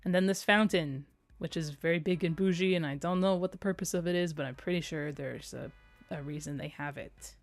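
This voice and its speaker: A woman's voice: low voice, brisk, no echo, soft background music. Giggly woman streamer, dry close mic. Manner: giggly, playful, rambling. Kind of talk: casual livestream chat.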